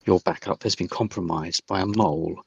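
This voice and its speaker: A man's voice: low voice, steady tone, moderate pace, gravelly, slightly rough, no echo, voice pushed down, exaggerated voice. A man voicing a stern foreign woman speaking over a crackly old intercom, with a German accent and a cold, commanding manner. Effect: tinny old intercom.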